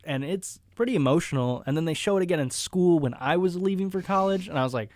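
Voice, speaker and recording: A man's voice: a little high, fast talker, no room sound. Young man telling stories on a podcast. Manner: animated personal storytelling. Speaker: podcast co-host. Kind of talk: casual chat.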